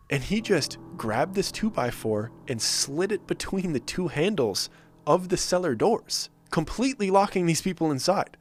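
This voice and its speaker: Animated man telling a scary story. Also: on the high side. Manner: animated, suspenseful retelling with quoted dialogue. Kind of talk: first-person scary story narration.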